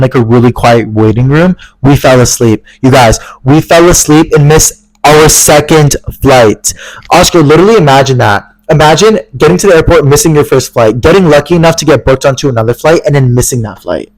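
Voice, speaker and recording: A young man in his twenties, co-hosting a casual podcast and telling an animated story full of "like" and "literally". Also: medium pitch, no echo, rough recording. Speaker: podcast co-host. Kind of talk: casual chat.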